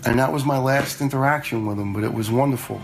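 A man's voice: medium pitch, fast talker, creaky, rough recording. A man in his fifties, a retired fire lieutenant, telling stories in a blunt, conversational way with some swearing. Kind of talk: casual storytelling.

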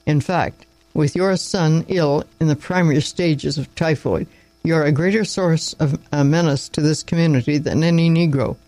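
A man's voice: fairly high pitch, moderate pace, no echo, close to an everyday voice, rough recording. A man reading a story aloud and voicing a weary young country doctor who speaks curtly and with contempt. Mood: contemptuous. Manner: curt, contemptuous, sharp.

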